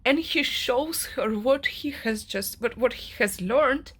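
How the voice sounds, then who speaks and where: A woman's voice: high voice, takes it slowly, a bit bright, breathy edge. A young woman vlogging about a novel she is reading, ranting with strong emotion and many fillers. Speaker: book vlogger. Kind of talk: casual reading vlog monologue.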